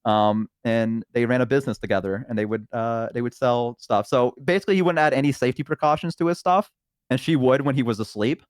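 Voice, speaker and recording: A man's voice: medium pitch, quick pace, no echo, clean studio sound. A man on a voice call in casual chat, telling a long roleplay story with many fillers and little acted voices. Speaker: guest on a stream.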